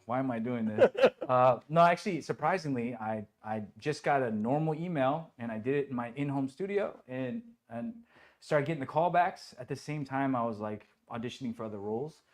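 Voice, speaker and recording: A man who voices a superhero, chatting as an interview guest in an office, telling lively stories, acting out what people said and laughing often. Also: medium pitch, fairly quick. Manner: animated storyteller who acts out quotes and laughs often. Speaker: voice actor guest. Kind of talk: casual interview chat. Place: indoors at a toy company office.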